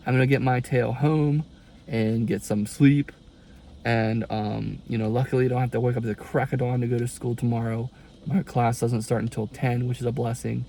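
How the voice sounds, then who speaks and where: A man's voice: mid-range voice, flat delivery, moderate pace, vocal fry, dark tone, slight background noise. A young man, a college student, rambling in a casual confession vlog, exasperated and full of folksy turns of phrase.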